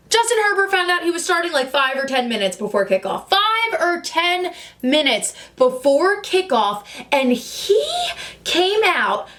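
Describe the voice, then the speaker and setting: A young woman talking casually to camera about football, animated and gushing, sometimes tripping over herself with excitement. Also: high-pitched. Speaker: sports vlogger. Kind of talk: casual football reaction vlog.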